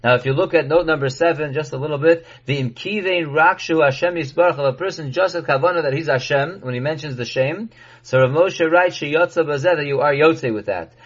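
A man with a somewhat high voice teaches a Torah class. He reads lines of Hebrew text and explains each one in English. The recording sounds dull and lo-fi. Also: fairly quick. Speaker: rabbi teaching halacha.

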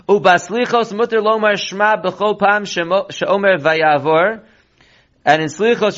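A man teaching a line-by-line text study lesson as a rabbi. He reads each passage slowly and then explains it in brisk, plain English. His voice sits high, and the recording sounds dull and lo-fi. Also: a bit bright.

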